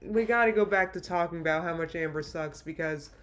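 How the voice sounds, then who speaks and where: A woman's voice: lowish voice, a little fast. A woman in her late thirties chatting casually on a livestream, reading viewer comments in an emotional, rambling way with many restarts. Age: late 30s. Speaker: YouTuber livestream host.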